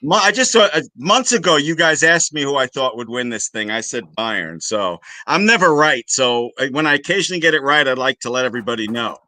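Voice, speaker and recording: A man with a bright, high-ish voice that swings widely in pitch, chatting about football as a guest over a video call. He stammers and restarts, laughs easily, and the sound is close and dry. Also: expressive, fairly quick, hardly any pauses, no room sound. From United States. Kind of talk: casual football chat.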